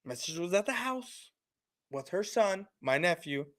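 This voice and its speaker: A man's voice: sits high, very animated, normal speed, a bit bright, no echo. A man on a casual livestream, telling a family story bluntly and frankly, acting out the dialogue. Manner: self-described attitude, frank and profane. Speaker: show host.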